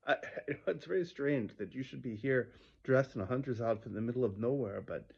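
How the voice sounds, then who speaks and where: A man's voice: medium pitch, a little fast, creaky, husky. A man voicing a humble, ragged forest man in a parable, speaking with wonder and plain sincerity, on a dull lo-fi recording.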